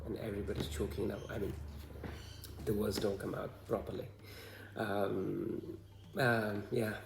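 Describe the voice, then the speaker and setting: A man from Bhutan with a Bhutanese accent, talking to the camera in a hesitant, halting way full of fillers. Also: lowish voice, flat delivery, gravelly, echoey room, background noise. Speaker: vlogger. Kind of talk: casual talk to camera.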